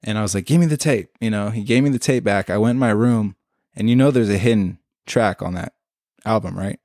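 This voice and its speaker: A man's voice: fairly low pitch, a little fast, no echo, studio quality. A man telling a story in casual chat, swearing freely and acting out what people said. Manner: animated, swears freely, acts out quotes.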